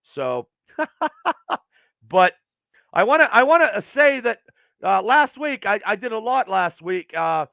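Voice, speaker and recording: A man's voice: high voice, very animated, slow, gravelly, pauses often, bright, forceful tone, dry recording, muffled recording. A man in his early fifties hosting a podcast, ranting casually and profanely in a rambling way. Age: 50s. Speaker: podcast host.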